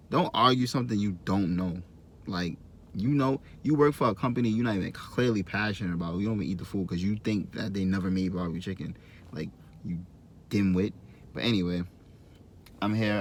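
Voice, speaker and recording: A young man vlogging from a fast food restaurant, telling a story in a casual, joking way and acting out both sides of an argument. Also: fairly low pitch, a bit bright, slight background noise.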